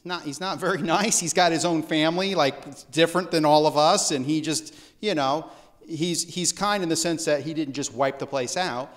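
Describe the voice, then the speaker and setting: A man's voice: on the high side, normal speed. A man preaching a casual, conversational sermon in a church service, with joking asides and restarts. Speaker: pastor.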